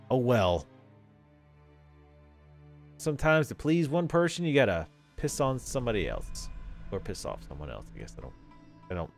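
A man casually commentating on a role-playing game he is playing, joking, swearing and putting on silly voices. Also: medium pitch. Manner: jokey, profane, puts on silly voices. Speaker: let's play host.

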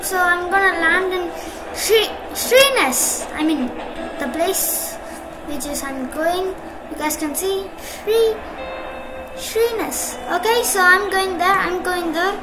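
Very high-voiced excitable woman gamer. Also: slow pace, over loud music. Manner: excitable, apologetic, bursts of shouting. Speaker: mobile game streamer. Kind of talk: casual gameplay commentary. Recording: echoey room, loud background noise. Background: loud ongoing noise and clicks.

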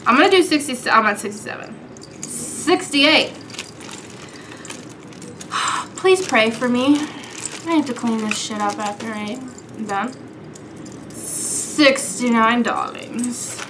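Sassy high-voiced woman vlogger. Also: slow pace, long pauses, noisy background. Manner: playful, sassy, calls viewers darlings and girls, swears casually. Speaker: beauty vlogger. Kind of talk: casual chat.

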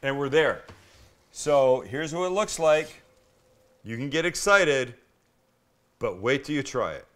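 A man's voice: mid-range voice, lively intonation, slow, pauses often, a bit bright, slight background noise, low-quality recording. A man hosting a casual cooking demonstration, chatty and enthusiastic as he walks the viewer through each step. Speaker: cooking show host.

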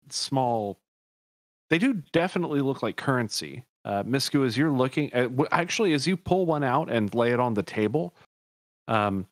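A man's voice: mid-range voice, no room sound, studio quality. A man narrating a tabletop game as dungeon master, rambling and correcting himself as he describes things.

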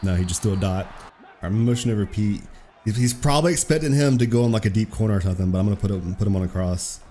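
A young man giving excitable, profane live commentary over his own football video game match, trash-talking his opponent. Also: fairly low pitch, rapid-fire, a little hiss or hum. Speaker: gaming streamer.

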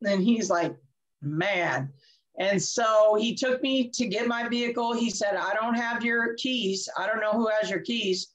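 A woman guest tells a candid story from her own life in an animated way. She laughs often and acts out both sides of the dialogue. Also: medium pitch, a little slow, rough recording. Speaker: interview guest.

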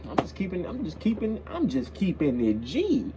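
A man's voice: sits high, huge pitch swings, moderate pace, background noise. A young man hosting a reaction video, talking in a casual, slangy way and repeating himself as he gets worked up.

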